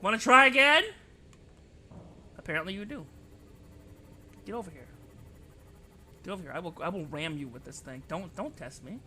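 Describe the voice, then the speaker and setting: A young man streaming a game live and bantering loudly with his chat, excitable and quick to yell. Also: high voice, slight background noise. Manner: excitable, yelling at chat, quick mood swings. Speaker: VTuber streamer.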